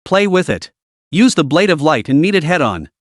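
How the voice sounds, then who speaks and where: A man voicing a calm, confident young male beast tamer who gives unhurried commands. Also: a little high, no room sound, clean studio sound.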